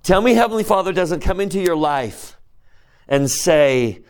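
A man teaching a scripture class who keeps asking the class questions, swinging between soft asides and emphatic rises. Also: high voice, animated, normal speed, smooth. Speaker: religious teacher.

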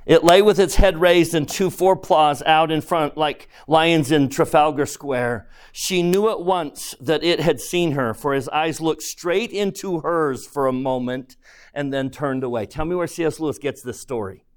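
A man preaching a sermon in an earnest way. He shifts between soft and loud and slows down for emphasis. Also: on the high side, clean tone.

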